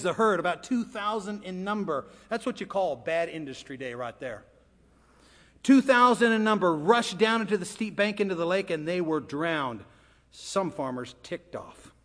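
A male preacher giving a casual, storytelling sermon with dramatic swings in delivery, heard in a church sanctuary. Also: sits high. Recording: long hall reverb.

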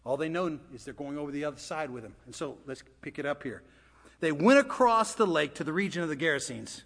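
A male preacher with a high-pitched voice telling a story in casual, conversational sermon style, swinging between hushed and emphatic lines. His voice trails off into the long reverb of a church sanctuary. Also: lively intonation, a little fast.

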